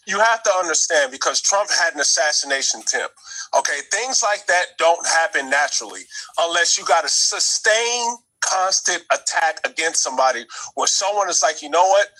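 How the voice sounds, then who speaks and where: A man's voice: a little high, bright, forceful tone, low-quality recording. A man arguing combatively and emphatically in a political debate.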